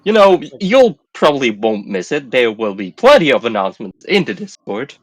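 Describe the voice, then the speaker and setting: A man's voice: medium pitch, big pitch swings, normal speed, dry recording. A man hosting a livestream in casual chat, playful and laughing, often stumbling over his words. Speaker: stream host.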